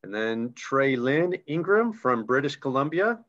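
A man's voice: medium pitch, big pitch swings, unhurried, a bit bright. A man co-hosting a live online recognition event, reading names and chatting enthusiastically about ranks over a video call. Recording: dull lo-fi video call audio.

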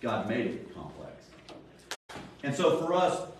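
Animated preacher in a very echoey room. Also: male voice, mid-range voice, takes it slowly, slight background noise. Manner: animated storytelling, acts out quotes. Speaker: Sunday school teacher. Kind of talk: sermon. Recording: very echoey room, far from mic.

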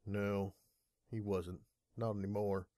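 A man reads an audiobook aloud in a dramatic, measured style. His voice is low. The recording is dry and close, with no room sound. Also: level tone, warm tone, no echo. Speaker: audiobook reader. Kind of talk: scripted narration.

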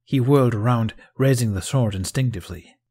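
Husky-voiced man reading a story. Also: mid-range voice, fairly quick, dark tone. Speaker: narrator. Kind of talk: fan fiction audiobook reading.

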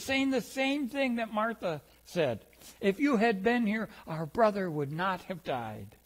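A pastor giving a reflective sermon, slowing down on key phrases and retelling a story. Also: male voice, sits high. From Wisconsin.

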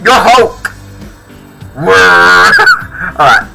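A man commenting on his own game as he plays, excitable, often shouting and laughing. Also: sits high, slow, loud music behind the voice, poor audio. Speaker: gaming video creator.

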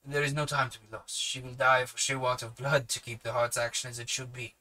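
A man voicing a grave, commanding elderly professor in a hushed, measured tone. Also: mid-range voice, little pitch movement, close to an everyday voice, rough recording. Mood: urgent.

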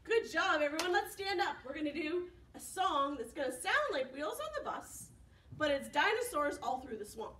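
Animated high-voiced children's librarian. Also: female voice, moderate pace, a little hiss or hum. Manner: animated, gasps and whispers to engage children. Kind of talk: preschool storytime reading and singing. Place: library room. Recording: echoey room, mic at a distance.

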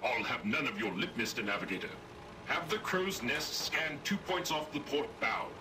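A man's voice: medium pitch, lively intonation, moderate pace, noisy background, lightly acted. A man voicing a pompous robot ship captain in a video game, with formal old-fashioned speech. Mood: stately.

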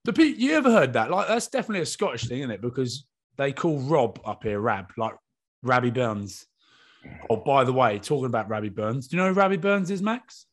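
A man's voice: medium pitch, sing-song, brisk. A man in his thirties, a rugby player co-hosting a podcast, chatting and joking in a casual way. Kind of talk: casual chat.

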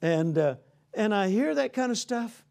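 Male preacher, high gravelly voice, folksy conversational sermon with frequent calls for "Amen?". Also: animated, unhurried, darkish tone. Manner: conversational, folksy, peppered with "you know".

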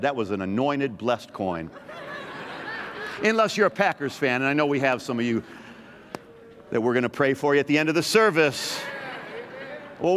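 A man's voice: on the high side, a bit bright, long reverb tail. A man preaching a sermon as pastor, emphatic and repetitive, teasing his congregation now and then. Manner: emphatic, repeats phrases, teases the congregation. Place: large church hall.

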